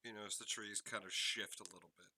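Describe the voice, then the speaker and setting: A man narrating a tabletop role-playing game as game master, setting scenes in a slow, measured way. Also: lowish voice, fairly even intonation, pushed and bright.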